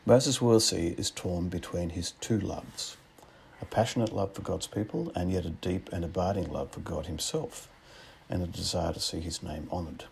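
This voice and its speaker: A man with an Australian accent preaching a sermon in a measured, reflective way, asking rhetorical questions. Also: low-pitched, fairly even intonation, gravelly, a little mellow, slight background noise.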